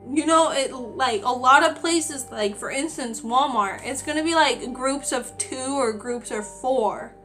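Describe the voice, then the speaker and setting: A young woman in her twenties chats through a storytime vlog, exasperated and full of "like." Her voice sits high and bright with a crisp edge, and faint music plays underneath. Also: a little slow, hardly any pauses. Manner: chatty, exasperated, many "like" fillers. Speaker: retail worker.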